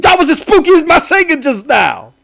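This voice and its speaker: Young guy streamer going off about games, real high voice, shouty then mumbly, laughs a lot. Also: fairly quick, creaky. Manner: loud, animated, laughs often, swings between shouting and mumbling. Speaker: game streamer and podcast host. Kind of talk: ranting live-stream commentary.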